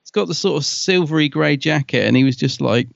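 A man co-hosting a podcast, chatting casually and excitedly and laughing often. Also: a little high, fairly quick, creaky, no echo, dull audio. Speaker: podcast co-host. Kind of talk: casual chat.

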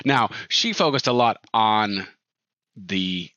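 A man co-hosting a film podcast in casual chat, relaxed and agreeable. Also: fairly low pitch, a little fast, dry recording. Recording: dull, dry sound.

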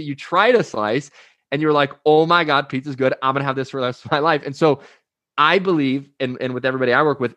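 A young man speaks as a guest in a casual interview, spinning anecdotes and slipping into acted-out quotes with plenty of energy. The recording is dry, with no room sound around his middle-pitched voice. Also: a bit bright, dry recording. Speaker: guest, life coach.

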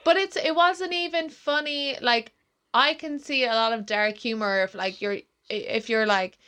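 A woman's voice: a little high, fairly even intonation, measured pace, fairly bright tone. An Irish woman co-hosting a podcast, telling stories bluntly and swearing freely. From Ireland. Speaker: podcast co-host. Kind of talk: casual chat.

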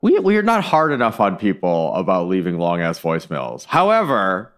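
A man co-hosting a podcast in casual chat, animated and quick to laugh and swear. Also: low voice. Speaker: podcast co-host.

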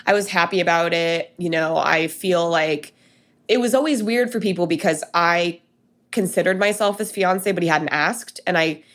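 Guest spot: young woman from Denver, casual storyteller, slightly low voice, full of fillers. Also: moderate pace, a bit bright. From Denver, USA. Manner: chatty, many fillers and quoted dialogue. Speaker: guest telling her story.

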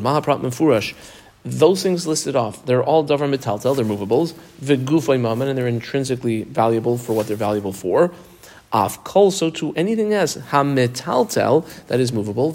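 A man's voice: mid-range voice, vocal fry, darkish tone. A man teaching a text lesson, explaining step by step and asking questions as he goes. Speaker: Talmud teacher.

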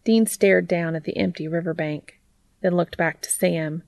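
A woman reading fiction aloud as a narrator, in a steady, even way. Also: fairly low pitch, moderate pace, creaky, no room sound. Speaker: audiobook reader.

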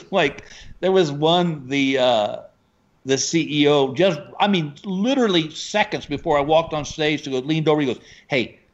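A man from Texas, a stand-up comedian telling animated stories about his gigs in a casual chat. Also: on the high side, moderate pace, lo-fi sound. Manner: animated storyteller, acts out quoted voices.

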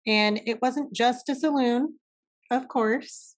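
A woman's voice: a little high, takes it slowly. A woman co-hosting a podcast in casual chat, talkative and swearing freely. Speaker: podcast co-host.

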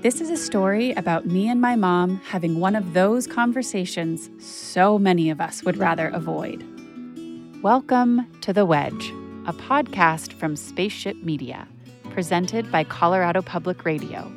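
A woman's voice: lowish voice, moderate pace, music in the background. A woman journalist telling a personal story as a podcast narrator, candid and conversational with frequent "like" fillers.

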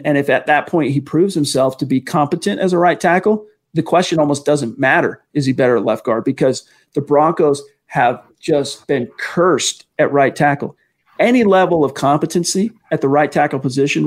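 This co-host is a man with a fairly high-pitched voice and a moderate pace. He's part of a relaxed sports talk livestream, chatting away, reading fan messages out loud and answering what they ask.

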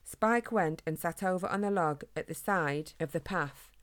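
Calm woman reading a storybook. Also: on the low side, normal speed, no room sound. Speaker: narrator.

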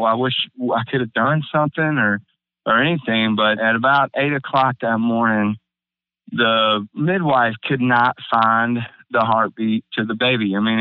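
A man's voice: mid-range voice, smooth, no room sound. Emotional man telling a story. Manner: halting, many restarts and fillers, near tears. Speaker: guest. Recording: phone-like narrow band, dry.

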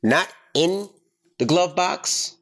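A blunt, profane middle-aged podcast host tells a story in a casual chat, retelling it in an emphatic, animated way. His voice is high, and he takes it slowly.

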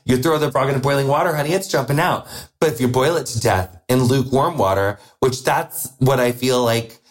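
A young man hosting a podcast, talking in a campy, chatty way with quick asides and playful jabs. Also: mid-range voice. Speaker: podcast host. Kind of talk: casual chat.

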